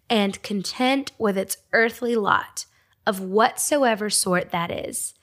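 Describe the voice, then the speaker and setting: Speaking slowly in a medium-pitched voice, a young woman from Georgia in the US gives a relaxed devotional teaching at a Christian ministry. Warm stories, filler words and little laughs run through her talk.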